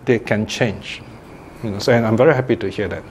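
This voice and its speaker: An older man teaching a Buddhist class in a relaxed, conversational way, often checking in with listeners by asking "okay?" and "right?" and chuckling now and then. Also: on the low side, a little fast, slight background noise. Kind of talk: informal Dhamma class talk.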